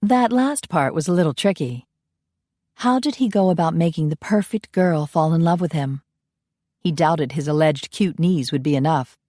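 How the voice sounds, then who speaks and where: Low, mellow woman audiobook narrator. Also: no echo, studio quality. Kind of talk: scripted narration.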